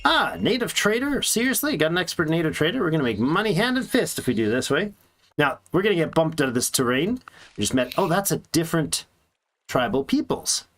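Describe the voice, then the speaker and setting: A man's voice: a little high, very animated, a little fast, a bit bright. A man casually commenting on his strategy game as he plays, chatty and thinking aloud with little jokes to himself. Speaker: let's play streamer.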